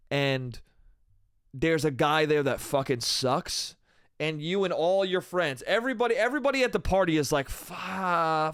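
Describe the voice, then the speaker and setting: A high-voiced American man riffing alone on a comedy podcast, swearing freely and tossing "dude" into nearly every sentence. He rambles and restarts his thoughts, and the recording sounds dry and close with no room around him. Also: clean tone, no echo. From United States. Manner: profane, rambling, says "dude" constantly. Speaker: podcast host. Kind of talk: solo comedy rant.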